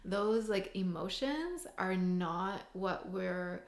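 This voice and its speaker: A woman's voice: medium pitch, lively intonation, takes it slowly. A woman hypnotherapist and mindset coach teaching in a casual, chatty way, full of "like" and "you know". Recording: roomy echo.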